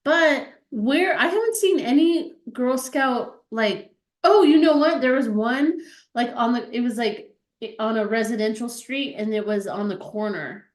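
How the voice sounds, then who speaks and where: Brief: animated, chatty female co-host with a fairly high voice, heard over a roomy video call. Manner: animated and chatty, quick to laugh. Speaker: stream co-host. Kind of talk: casual chat.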